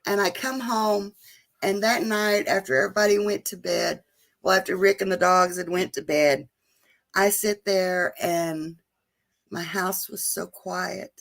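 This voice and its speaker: A woman's voice: mid-range voice, steady tone, a little slow, gravelly, fairly bright tone. A woman, chatting casually and emotionally with viewers during a live stream. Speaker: vlogger hosting a live chat.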